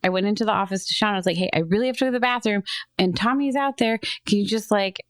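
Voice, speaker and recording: A woman in her thirties co-hosting a podcast, telling stories casually, quickly and with frequent giggles. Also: medium pitch, no room sound. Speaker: podcast co-host. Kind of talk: casual chat.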